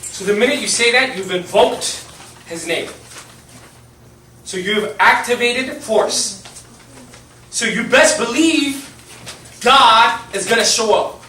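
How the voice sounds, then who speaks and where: A man's voice: very high-pitched, slow, pauses often, sharp tone, slight background noise. A young man preaching a sermon in a church hall, telling a story with laughter and lots of fillers. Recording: echoey hall, mic at a distance.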